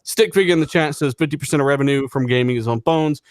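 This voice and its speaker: A man's voice: a little high, fast, no echo. Male podcast host, blunt, chatty, reads chat aloud, dry mic. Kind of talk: casual panel chat.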